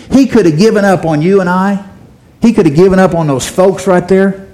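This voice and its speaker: A man preaching a sermon in a folksy way, his voice rising loud when he quotes scripture. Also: high voice, sing-song, moderate pace, vocal fry, low-quality recording. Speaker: pastor.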